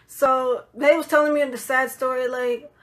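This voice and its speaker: A woman telling a personal story in a casual vlog, animated, swearing freely and acting out what other people said. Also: moderate pace. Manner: animated, swearing, acts out quoted voices in higher pitch.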